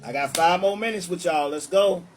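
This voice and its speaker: A man's voice: high-pitched, moderate pace, slight background noise. A man hosting a live-streamed religious debate, brash and taunting, calling challengers up and laughing at his own points. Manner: brash and taunting, calls people up.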